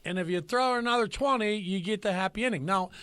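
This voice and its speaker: Middle-aged male podcast host, slightly high voice, dry close sound, raunchy storyteller. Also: fast talker, fairly bright tone, smooth, dry recording. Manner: crude, storytelling, laughs through punchlines. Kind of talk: casual comedy podcast chat.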